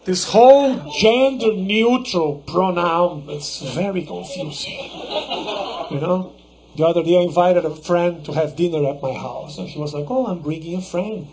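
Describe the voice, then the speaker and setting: A man from Brazil with a Brazilian accent doing a deadpan, mock-boastful stand-up routine. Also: high voice, a little slow. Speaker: stand-up comedian. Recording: echoey room with heavy noise.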